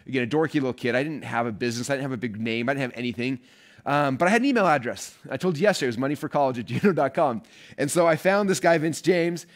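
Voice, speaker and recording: A man talks to his viewers at a quick clip, in a voice of middling pitch. He tells a personal story casually and jumps into little acted-out bits of his past self. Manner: fast, animated storyteller who acts out his own past lines. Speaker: online marketing speaker.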